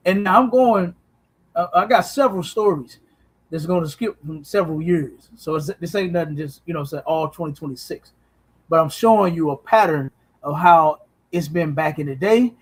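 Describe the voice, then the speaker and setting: A man's voice: on the high side, moderate pace, husky. A man hosting a podcast, preaching emphatically with profanity and repeated "you understand?". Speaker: podcast host.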